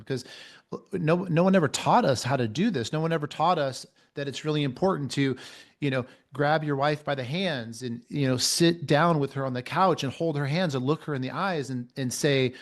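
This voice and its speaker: A man speaking as a guest coach on a men's mentoring video call, emphatic and repeating his key phrases. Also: mid-range voice. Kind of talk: motivational coaching talk.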